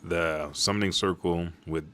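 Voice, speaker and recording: A man recapping a manga chapter, excitable and loose, with frequent swearing. His voice sits low and deep. He talks quickly and casually as he runs through the events. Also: clean tone. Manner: profane, excitable retelling.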